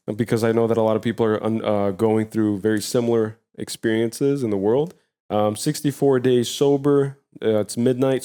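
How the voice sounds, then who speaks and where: A man's voice: mid-range voice, mellow. A man with an American accent, hosting a casual chat and rambling with many fillers. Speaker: host.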